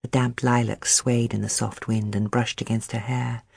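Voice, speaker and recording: An audiobook narrator reading a novel chapter in an expressive, varied manner. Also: medium pitch, normal speed, vocal fry, husky, dry recording.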